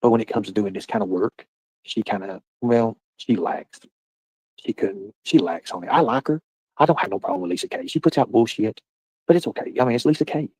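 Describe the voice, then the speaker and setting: Man, livestream host, husky voice, lowish pitch, loud profane rambling chat. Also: brisk, dry recording, poor audio.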